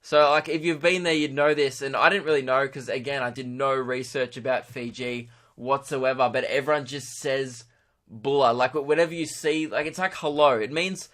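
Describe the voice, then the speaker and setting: A man's voice: medium pitch, fairly even intonation, normal speed, hardly any pauses, fairly bright tone. A man with an Australian accent, a podcast host telling a comic story in a sarcastic, ranting way. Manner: sarcastic, ranting, frequent swearing.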